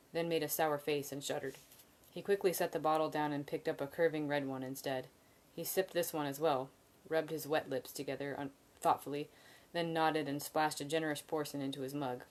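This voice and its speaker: A woman reading a fantasy novel aloud on a live stream, measured and even, with occasional slips and restarts. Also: low voice. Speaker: reader.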